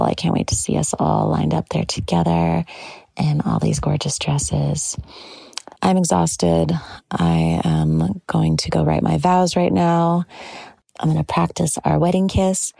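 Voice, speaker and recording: Gushing woman with heavy vocal fry. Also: low-pitched, mellow, dry recording. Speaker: podcast host. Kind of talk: personal monologue.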